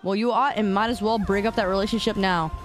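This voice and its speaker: A woman streamer reacting to memes live, loud and exclamatory, repeating her phrases over and over. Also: mid-range voice, steady tone, quick pace. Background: music.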